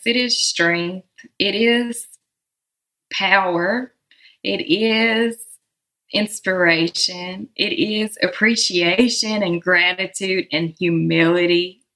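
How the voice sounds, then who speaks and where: Slow-speaking Southern woman, reflective. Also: medium pitch, fairly bright tone, poor audio. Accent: Southern American. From Southern United States. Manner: reflective, unhurried, laughs often. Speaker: guest musician. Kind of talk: relaxed interview conversation.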